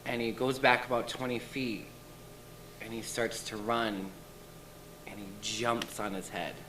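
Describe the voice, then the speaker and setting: Intense man with a bright, forceful voice. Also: mid-range voice, steady tone, a little slow, a little hiss or hum, poor audio. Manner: intense, shaken retelling. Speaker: interview guest. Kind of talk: emotional first-person testimony.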